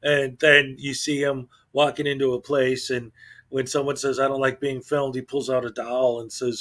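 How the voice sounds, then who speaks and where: A man's voice: medium pitch, little pitch movement, moderate pace, fairly bright tone. A man hosting his channel, talking in casual commentary with an exasperated tone, often repeating words and restarting sentences. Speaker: channel host.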